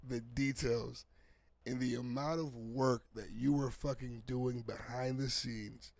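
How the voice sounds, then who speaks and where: Animated guest comedian, man. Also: mid-range voice, slow pace, gravelly, dry recording. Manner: animated, swears, chimes in. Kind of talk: casual podcast chat.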